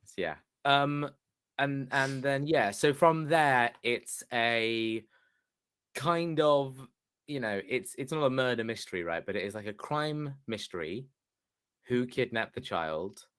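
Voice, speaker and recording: A man's voice: medium pitch, unhurried, fairly bright tone, smooth, no room sound, studio quality. A man co-hosting a podcast, talking in a loose, hesitant way with lots of "like" and "kind of". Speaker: podcast co-host reviewing films. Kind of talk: casual chat.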